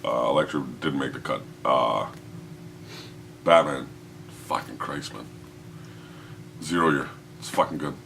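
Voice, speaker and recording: A very deep male voice with a bright, forceful edge, rambling and swearing his way through a casual podcast chat. He laughs a lot and trails off mid-thought. A faint hiss of noise sits under the recording. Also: unhurried, creaky, long pauses. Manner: profane, rambling, laughs often. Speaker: podcast host.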